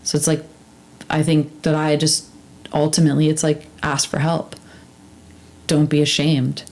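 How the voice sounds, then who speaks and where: Low-voiced woman, earnest and halting. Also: little pitch movement, darkish tone. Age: adult with two daughters. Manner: earnest, halting, many fillers and restarts. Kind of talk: casual heartfelt conversation.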